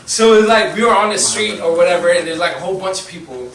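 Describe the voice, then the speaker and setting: A man's voice: high voice, fast talker, a crowd in the background. A young man preaching a sermon in a church hall, telling a story with laughter and lots of fillers. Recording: echoey hall, mic at a distance.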